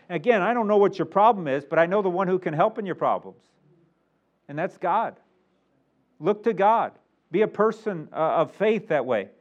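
Male preacher, higher voice, dull low-fi church recording. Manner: reads King James verses aloud, swells louder on key points. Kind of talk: sermon.

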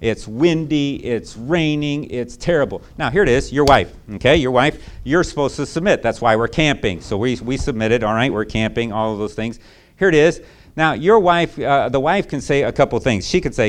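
A man's voice: mid-range voice, normal speed. A male pastor preaching a sermon in a conversational, emphatic way, often checking in with rhetorical asides.

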